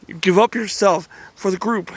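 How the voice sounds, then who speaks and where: A man hosting his own channel, delivering a heated, emotional monologue to camera, swearing often and pausing to sigh. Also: high voice. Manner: angry, profane ranting with sighs and restarts. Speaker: channel host.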